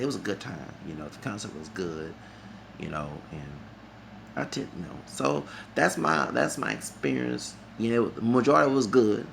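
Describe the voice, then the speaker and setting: A man's voice: fairly low pitch, gravelly, a bit bright, slight background noise. A man reviewing a concert in a vlog, talking in a heated, rambling and profane way. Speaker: vlogger.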